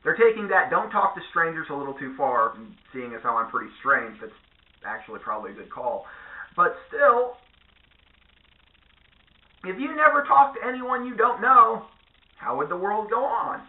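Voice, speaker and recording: A man's voice: sits high, moderate pace, long pauses, phone-quality sound. Guy ranting on his vlog, sarcastic and swearing, sounds like a phone mic in an echoey room. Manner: sarcastic, profane, animated. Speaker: vlogger. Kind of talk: ranting monologue.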